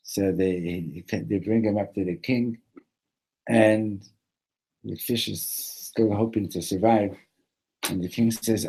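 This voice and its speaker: A man gives a Torah class in a low, husky voice. He speaks haltingly, repeating little words and mixing in Hebrew phrases. He checks in with his listeners with a constant "right?". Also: steady tone, a little mellow, rough recording. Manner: mixes Hebrew phrases into English. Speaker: yeshiva teacher.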